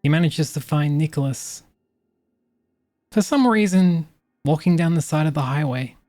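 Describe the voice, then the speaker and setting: A game master narrating a tabletop vampire game in a descriptive, measured way. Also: medium pitch, darkish tone, dry recording, studio quality.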